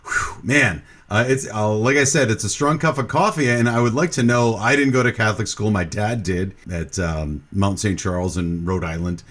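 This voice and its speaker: A man's voice: on the low side, moderate pace, few pauses, fairly bright tone. A man hosting a casual podcast movie review, talking in a rambling, hesitant way. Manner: rambling, hesitant, lots of fillers and restarts. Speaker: podcast host.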